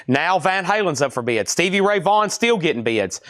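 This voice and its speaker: A man's voice: a little high, very animated, normal speed, fairly bright tone, dry recording, clean studio sound. A man running a live record auction stream, rattling off prices and bidder names with chatty asides to viewers.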